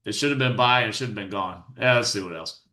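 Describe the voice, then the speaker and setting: A man's voice: fairly low pitch, fast talker, sharp tone, roomy sound. A man hosting his own commentary show, reacting to video clips with exasperated, sarcastic and preachy remarks. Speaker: host and commentator.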